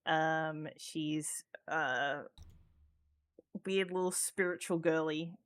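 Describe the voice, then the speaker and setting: A woman's voice: low voice, fairly even intonation, takes it slowly, clean tone. An Australian woman chatting casually as a podcast guest, talking freely with lots of ums, swearing and laughter. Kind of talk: casual chat.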